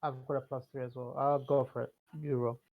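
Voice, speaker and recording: A man's voice: mid-range voice, little pitch movement, brisk, narrow, tinny audio, slight background noise. A man playing a tabletop game online, hesitant, with many fillers. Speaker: player. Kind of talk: casual tabletop game talk.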